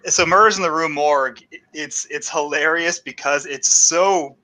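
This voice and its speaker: A man co-hosting a stream, chatting casually and telling animated stories. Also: fairly high pitch, normal speed, poor audio. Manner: animated storyteller, swears freely. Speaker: stream co-host. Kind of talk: casual chat about old movies.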